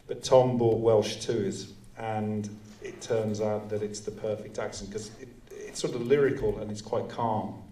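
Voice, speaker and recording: A male filmmaker explaining his process at a live audience Q&A, in a measured, explanatory way. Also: fairly low pitch, fairly even intonation, warm tone, distant mic. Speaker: writer and director. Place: cinema auditorium. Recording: roomy hall sound, voice from off-mic.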